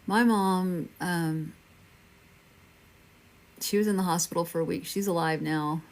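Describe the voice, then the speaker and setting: A woman's voice: fairly low pitch, fairly even intonation, unhurried. A woman in her fifties from Texas, hosting a casual livestream and chatting reassuringly with viewers by name. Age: 50s. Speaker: livestream medium host. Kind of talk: casual livestream chat answering viewer comments.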